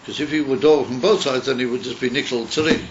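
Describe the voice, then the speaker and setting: A man's voice: medium pitch, steady tone, fast, background noise. A man, a rabbi, teaching a text-study class, explaining and thinking aloud with frequent restarts. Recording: dull lo-fi recording.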